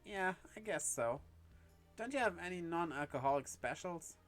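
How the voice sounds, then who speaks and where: A woman's voice: lowish voice, expressive, normal speed, soft background music, lightly acted. A woman voicing a bossy, teasing young woman in a game, speaking firmly.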